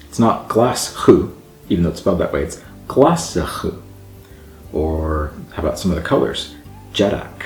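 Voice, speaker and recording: A man hosting a language channel who explains grammar casually and sounds out example words slowly. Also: low voice, a little mellow. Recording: echoey room with faint background music.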